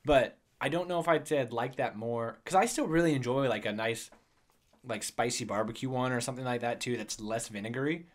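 Chatty man, mid-pitched co-host. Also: brisk. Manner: rambling, chatty, wanders off on tangents. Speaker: podcast co-host. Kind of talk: casual chat.

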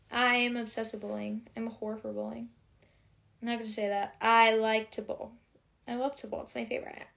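A woman's voice: on the high side, vocal fry, a bit bright. Bubbly young woman chatting on a livestream. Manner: bubbly, chatty, lots of filler "like". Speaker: livestream host reading comments. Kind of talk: casual livestream chat.

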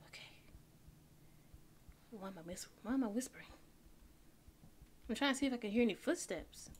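A woman's voice: fairly high pitch, lively intonation, moderate pace, darkish tone, a little hiss or hum. A woman hosting a gaming channel, nervously talking to herself as she plays through a horror game. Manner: nervous, talks to herself while playing. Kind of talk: let's play commentary.

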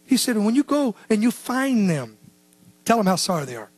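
A man preaching a sermon as pastor, swinging between shouted lines and hushed, low asides. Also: big pitch swings, a little fast, breathy edge, no echo.

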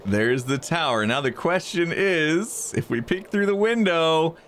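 A man narrates his game prank in a calm, conspiratorial play-by-play. His voice sits a little high and moves lively up and down. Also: a little slow. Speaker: gaming video creator.

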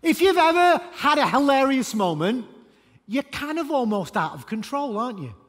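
A man preaching a sermon as pastor, emphatic and animated, with sudden loud bursts. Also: very high voice, moderate pace. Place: church auditorium. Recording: church hall reverb.

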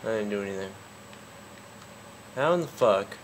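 A man's voice: on the low side, expressive, moderate pace, background noise. A man commentating a game, cursing constantly and getting angry, with a sore throat. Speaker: gaming YouTuber. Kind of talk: let's play commentary.

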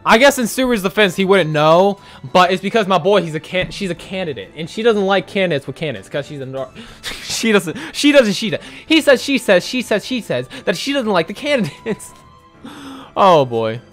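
A man's voice: high voice, big pitch swings, brisk, fairly bright tone, soft background music. A man playing a visual novel, commenting in a crude, joking, giggly way, with lots of swearing. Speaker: gaming YouTuber reacting to a visual novel. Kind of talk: casual let's-play commentary.

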